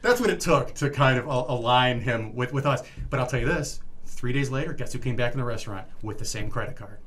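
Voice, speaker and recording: A man's voice: mid-range voice, quick pace. A middle-aged man telling a story in casual podcast chat, acting out the people in it. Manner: animated storyteller acting out customers and his boss. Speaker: podcast co-host.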